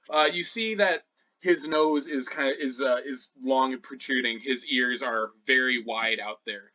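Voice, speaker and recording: A man running a tabletop game, describing scenes in a loose, rambling way full of "uh" and "like". His voice is bright and forceful, at a middle pitch. The mic sounds a little dull and lo-fi. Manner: loose, filler-heavy descriptive narration. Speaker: game master.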